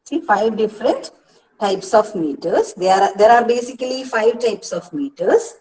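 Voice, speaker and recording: A woman's voice: a little high, expressive, normal speed, darkish tone, slightly rough, rough recording. A woman with an Indian English accent, a university counsellor, giving an online lecture and explaining step by step with frequent "see" and "uh".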